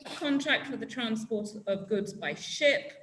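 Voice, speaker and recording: A woman running a legal English lesson with a bright, forceful voice. She speaks slowly and prompts the class to finish each sentence, and the room has a noticeable echo. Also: a little high, slight background noise. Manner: prompting students to fill in words, brisk and encouraging. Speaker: English teacher.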